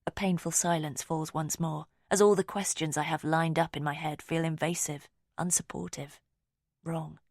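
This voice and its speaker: A woman narrating a first-person audiobook in a quiet, measured, intimate way. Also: low-pitched, fairly even intonation, dry recording, clean studio sound.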